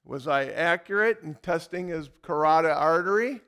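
A male pastor with a fairly high voice delivers a sermon. He tells his story in an animated, dramatic way before turning to scripture. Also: moderate pace, clear, resonant tone.

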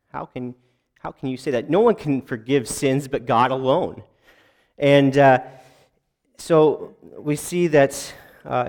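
Halting conversational male preacher. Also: mid-range voice, darkish tone. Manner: conversational, halting with many restarts and asides; self-deprecating jokes to the congregation. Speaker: pastor. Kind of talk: sermon.

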